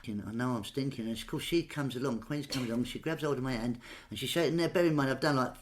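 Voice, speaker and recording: Man, comedian, animated anecdotes, pitch leaps for punchlines, chatting from home. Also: fast, a little hiss or hum. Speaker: comedian guest. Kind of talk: casual anecdote telling.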